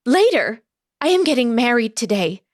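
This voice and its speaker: A woman voicing an indignant young woman on her wedding day who speaks in a proper, sharp way and rises to shouting. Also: a little high, very animated, normal speed, no room sound, studio quality, voice pushed up. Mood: bitter.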